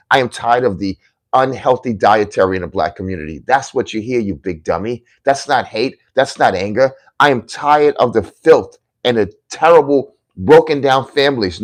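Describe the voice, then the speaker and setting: Combative man scolding his critics. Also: on the high side. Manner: repetitive emphatic lists. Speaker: political commentator. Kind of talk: livestream commentary reading viewer comments.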